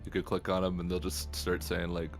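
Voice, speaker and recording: A very deep male voice with a Midwestern accent, throwing in wry jokes and soft chuckles during a relaxed gaming chat. Light music sits faintly in the background. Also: a little fast, creaky. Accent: Midwestern American. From American Midwest. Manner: chuckling, joking asides. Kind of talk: casual chat.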